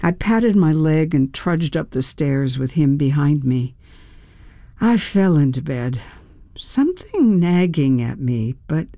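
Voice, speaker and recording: An audiobook narrator reading a first-person story in an unhurried storytelling manner, acting out the dialogue lines. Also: mid-range voice, dark tone, dry recording, studio quality.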